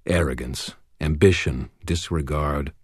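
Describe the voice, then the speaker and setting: A calm, faithful knight speaks slowly with quiet certainty in a deep voice, as a male audiobook narrator plays him. The recording is dry and close. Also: breathy edge, no echo, exaggerated voice. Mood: earnest.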